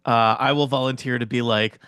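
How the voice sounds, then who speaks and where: A man's voice: medium pitch, steady tone, fairly quick, fairly bright tone, clean tone, no echo, clean studio sound. A man hosting a podcast quiz game, reading out questions and explaining answers. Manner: explanatory, reads questions and facts. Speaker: quiz host.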